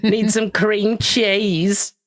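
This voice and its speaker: A man's voice: sits high, steady tone, drawn-out words, a bit bright. A man co-hosting a casual livestream, crude and joking, laughing a lot. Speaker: co-host.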